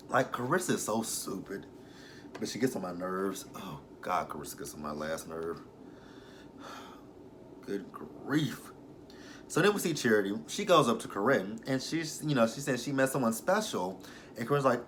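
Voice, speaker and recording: A man's voice: medium pitch, animated, normal speed, fairly bright tone, slight background noise. A man recapping a TV episode in a casual way, with sassy, exasperated asides about the characters. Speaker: TV episode reviewer.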